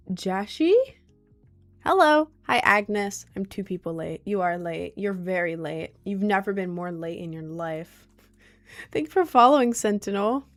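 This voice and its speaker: A young woman chats away on a casual livestream. She rambles from one thought to the next and greets viewers by name, in a voice of middling pitch. Faint music plays softly behind her.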